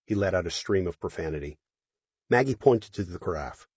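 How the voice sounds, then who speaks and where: A man narrates an audiobook with lively, expressive inflection. His voice is low and husky. The recording is dry and somewhat dull. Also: fairly quick, dry recording. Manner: expressive, storytelling.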